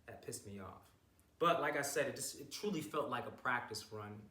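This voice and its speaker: His bright, forceful voice sits at a medium pitch and moves at a moderate pace. The young man, a bodybuilder vlogger, gives a hyped, rambling, casual recap of his show with plenty of swearing, captured in a roomy recording far from the mic with faint noise.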